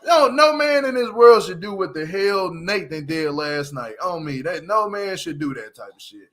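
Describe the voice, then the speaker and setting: A man hosting a casual reality TV recap vlog, talking in slang with animated energy and frequent laughter. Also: high voice, normal speed.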